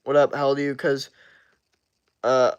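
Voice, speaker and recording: A man's voice: mid-range voice, little pitch movement, normal speed, smooth. A man in his twenties livestreaming, chatting casually with his viewers and reacting to comments with frequent swearing. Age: 20s. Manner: laid-back, swears a lot, reacts to chat. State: just out of the shower.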